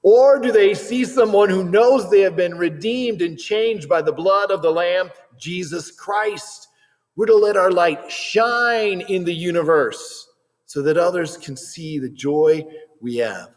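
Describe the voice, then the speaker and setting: A man giving a Christian video lesson on body language in a lively, animated way, now and then acting out short quoted voices. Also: sits high, measured pace, long reverb tail. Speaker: Christian teacher.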